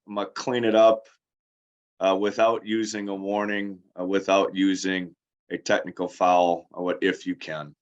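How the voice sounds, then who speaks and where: A male referee speaking in a measured, cautious way with hesitant fillers, heard over lo-fi call audio. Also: deep voice. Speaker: basketball referee on a panel. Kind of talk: instructional talk on officiating.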